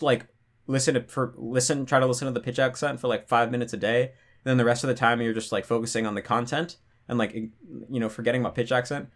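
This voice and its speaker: A young man talks through viewer questions in a relaxed, rambling way. He leans on "like" and "you know" and often restarts mid-sentence. His voice sits at an ordinary middle pitch for a man. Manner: loose, filler-heavy, lots of "like" and restarts. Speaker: language-learning channel host. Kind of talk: casual Q&A monologue.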